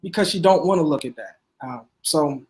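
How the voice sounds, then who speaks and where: A man giving commentary in a casual discussion, measured, repeating his points for emphasis. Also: a little high, expressive, darkish tone.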